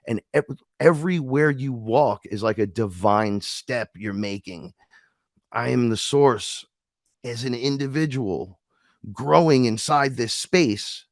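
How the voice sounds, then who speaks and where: Recorded dry and at studio quality, a man with a lowish voice appears as a guest in a spiritual storytelling chat. He rambles emphatically and animatedly, acting out each character's voice as he goes.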